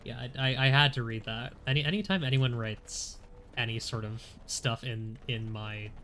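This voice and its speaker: A man's voice: medium pitch, moderate pace, a bit bright, a little hiss or hum. A man streaming a game, congested, chatting casually and joking at his own expense. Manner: chatty, self-deprecating. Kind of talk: casual gameplay commentary. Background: game music.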